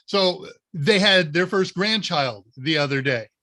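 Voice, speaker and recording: A man's voice: on the high side, expressive, unhurried, sharp tone. A man from Northern Ohio hosting a live Q&A stream, telling rambling, anecdotal stories in a casual way, with plenty of "uh"s along the way. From Northern Ohio, USA. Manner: rambling anecdotal storyteller with many fillers. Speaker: live Q&A show host.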